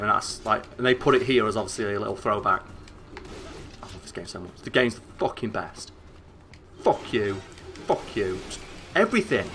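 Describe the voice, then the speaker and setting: A young man with a northern English accent, chatting excitably and swearing as he streams a game, rambling with lots of fillers. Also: medium pitch, a little hiss or hum. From northern England. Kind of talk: casual gameplay commentary.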